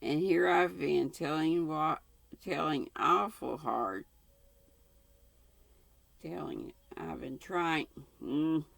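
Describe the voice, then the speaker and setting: A woman's voice: sits low, gravelly, no room sound, exaggerated voice. A woman voicing a guileless, remorseful little boy in a storybook reading. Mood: tearful pleading. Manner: slow, homespun storybook reading.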